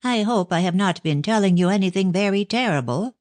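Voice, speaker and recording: A woman lightly acts a dramatic middle-aged clairvoyant in a raised, put-on voice, animated and effusive with visitors, slowing to a grave, solemn hush in trance. The mood here is gentle, and the recording is dry and close.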